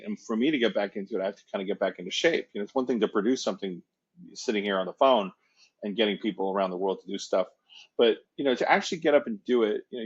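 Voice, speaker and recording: Brief: male guest, husky and rambling, spinning show-business stories on a dull line. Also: on the low side. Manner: rambling, repeats words and restarts. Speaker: guest actor and producer. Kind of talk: casual anecdotal storytelling.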